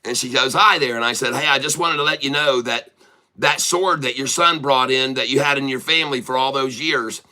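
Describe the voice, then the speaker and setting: A man's voice: medium pitch, fairly quick, bright, forceful tone. A man hosting a day-trading livestream who chats casually and tells rambling stories full of restarts. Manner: rambling, chatty anecdote telling with many restarts. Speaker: livestream day trader and channel host.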